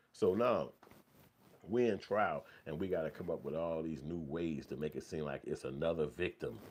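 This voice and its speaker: A man's voice: low-pitched, a little mellow. A man giving heated, profanity-laden commentary in a blunt, repetitive rant.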